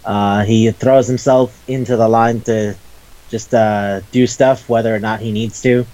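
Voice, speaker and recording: A man's voice: fairly low pitch, steady tone, unhurried, mellow, poor audio. A man co-hosting a casual chat show about manga, enthusiastic and profane, rambling with restarts. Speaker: podcast co-host.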